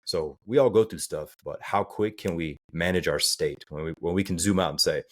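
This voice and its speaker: A man's voice: low voice, normal speed, hardly any pauses. A man from the American South, a life coach, talking earnestly in an interview and acting out the people he quotes. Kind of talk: casual interview talk.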